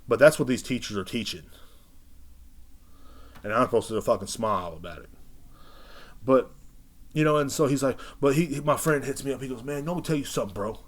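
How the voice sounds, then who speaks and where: A man's voice: medium pitch, normal speed, long pauses. A man hosting a casual podcast, ranting in a brash, profane, rambling way. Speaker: podcast host.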